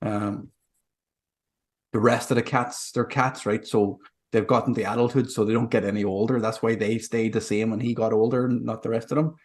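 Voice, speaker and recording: A man's voice: lowish voice, fairly even intonation, normal speed. A man co-hosting a podcast in casual chat, rambling and swearing freely as he explains. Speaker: podcast co-host.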